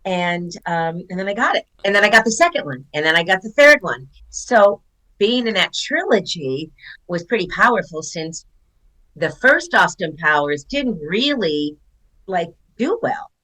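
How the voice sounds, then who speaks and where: Bright-voiced chatty older actress. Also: female voice, on the low side, sing-song, unhurried, poor audio. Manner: chatty storyteller who acts out quotes. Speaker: podcast guest, actress. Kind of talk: casual interview chat.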